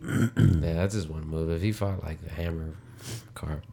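Super deep voiced dude, dry and blunt, teases his buddies on a podcast. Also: steady tone, moderate pace, warm tone. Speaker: podcast co-host. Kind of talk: casual chat.

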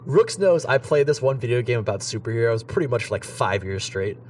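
A man's voice: mid-range voice, animated, a little fast, a little mellow, far from the mic, a little hiss or hum. A young man co-hosting a casual podcast chat, rambling and filling his talk with "like". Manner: rambling, heavy use of "like". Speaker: podcast co-host.

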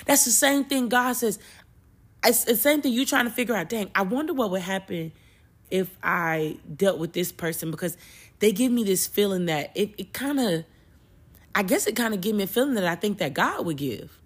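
Emotional, animated woman podcast preacher. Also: mid-range voice, normal speed, slightly rough. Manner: emotional, animated, repeats and restarts. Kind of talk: casual spiritual talk.

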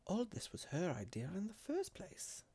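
A man voicing a blind woman who leads a clan, calm and commanding, in a fantasy story reading. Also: on the low side, moderate pace, husky, pitched above the performer's own voice, exaggerated voice.

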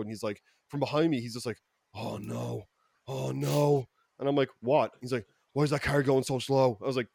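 An Irish man tells stories on a casual podcast, profane and animated, with his voice jumping up in sudden loud bursts. He talks fast. The room sounds dry and close. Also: medium pitch, gravelly, dry recording. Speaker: podcast co-host.

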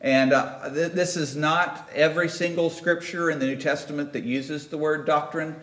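A man's voice: on the high side, steady tone, normal speed, fairly bright tone. A man preaching a sermon in a church, talking conversationally and checking in with the congregation. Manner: conversational, emphatic, asks the audience questions. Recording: roomy church echo.

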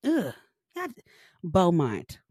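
A young woman co-hosting a podcast, ranting loudly and joking with lots of profanity. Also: lowish voice, huge pitch swings, extremely slow, breathy edge, no echo. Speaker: podcast co-host. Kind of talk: casual chat.

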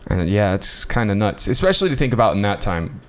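A man bantering and joking on a podcast, laughing often and reacting with quick asides. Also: on the low side, big pitch swings. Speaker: podcast co-host. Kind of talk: casual banter.

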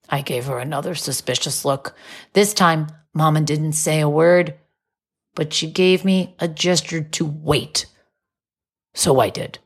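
A woman narrating a children's storybook from a dog's point of view, gentle and expressive, rising high when surprised. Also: a little slow, breathy edge.

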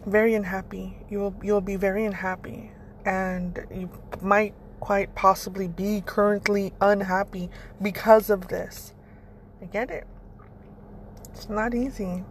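A young woman talks straight to her listeners in a loose, rambling motivational monologue. She is blunt and swears freely, restarting her sentences as she goes. Her voice sits at a middle pitch over a faint background hiss. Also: flat delivery, measured pace. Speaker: podcast host.

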